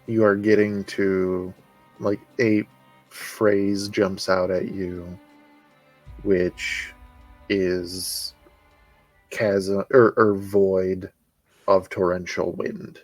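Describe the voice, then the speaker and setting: A man narrating as game master of a tabletop game, slow and halting as he describes the scene. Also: sits low, flat delivery, a little mellow, faint music behind, poor audio.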